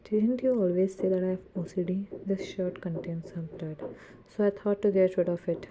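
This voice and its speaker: Brief: a woman reading a calm, teasing young man in love, lowish flat voice, noisy home recording. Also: moderate pace, muffled recording, natural voice.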